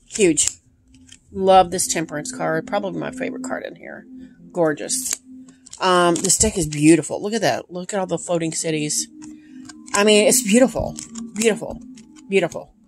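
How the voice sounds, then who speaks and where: A woman's voice: fairly low pitch, moderate pace, long pauses. A woman casually showing tarot decks on camera, gushing with enthusiasm between frequent ums. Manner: gushing, enthusiastic, lots of ums and repeated praise. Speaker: tarot deck collector. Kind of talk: casual show-and-tell vlog. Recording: steady background hiss with handling clicks.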